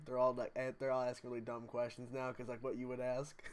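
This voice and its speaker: A man's voice: medium pitch, little pitch movement, fast talker, hardly any pauses, fairly bright tone, smooth. A young man hosting a livestream, chatting casually and reading viewer comments aloud in a jokey way. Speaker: livestream host.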